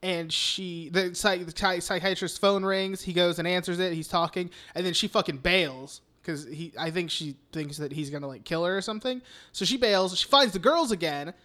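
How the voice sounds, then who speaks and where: A man's voice: high-pitched, normal speed, few pauses, bright, forceful tone. A young man hosting a podcast, recapping a film in rambling, profane casual chat full of "like". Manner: rambling, profane, heavy use of "like". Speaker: podcast host.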